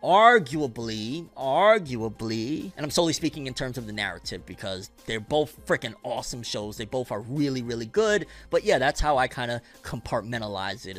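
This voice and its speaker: A man hosting an anime news show in casual commentary, talking in an animated, rambling and slangy way. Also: mid-range voice.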